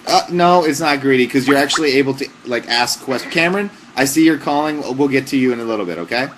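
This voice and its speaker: Young male livestream host, mid-range voice, deadpan comic advice, rambling fillers. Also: mid-range voice, fast talker, a little hiss or hum. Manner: mock-serious, deadpan joking advice with frequent fillers. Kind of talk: casual comic livestream chat.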